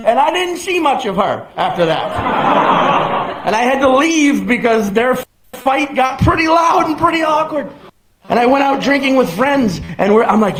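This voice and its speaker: A young man doing stand-up, telling an animated story and laughing through it. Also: very high voice, moderate pace, raised voice, a loud crowd. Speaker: stand-up comedian. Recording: roomy stage sound with background noise.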